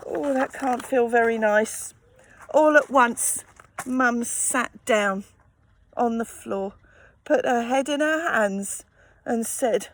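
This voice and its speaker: A woman reading a children's picture book aloud, gently expressive and adding sympathetic asides. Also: high-pitched, slow, dry recording. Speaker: storyteller.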